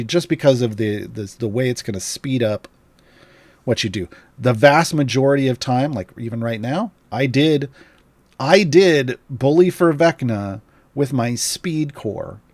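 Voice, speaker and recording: A man's voice: medium pitch, no echo. Chatty man streaming, dry close sound. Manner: chatty, rambling with fillers and restarts. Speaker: game guide streamer. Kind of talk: casual livestream chat.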